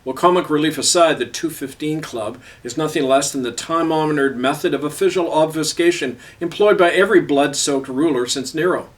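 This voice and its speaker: A man's voice: a little high, fairly quick, few pauses, far from the mic. A middle-aged man reading his own column aloud with a sardonic, biting delivery.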